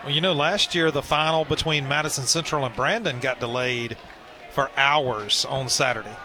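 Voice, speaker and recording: A man's voice: medium pitch, moderate pace, pushed and bright, a little hiss or hum. A man giving color commentary at a baseball game, wry and joking about his losing pick.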